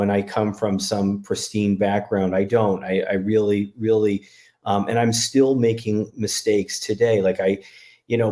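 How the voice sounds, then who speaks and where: Halting low-voiced man from Connecticut. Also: dark tone. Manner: halting, lots of restarts and fillers. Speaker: interview guest. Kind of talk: candid personal conversation.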